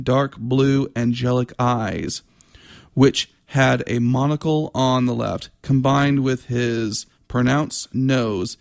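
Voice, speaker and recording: A man reads aloud from his own novel, taking his time and sometimes tripping over a word and starting it again. His voice has a gravelly, creaky texture and an unhurried pace. The sound is close and dry, with no room echo. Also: mid-range voice. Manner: measured reading with occasional stumbles and restarts.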